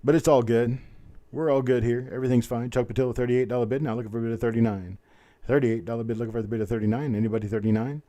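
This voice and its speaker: At medium pitch, in a steady, warm tone, a man calls a live online coin auction. Quick chanted bids alternate with easygoing, folksy chatter.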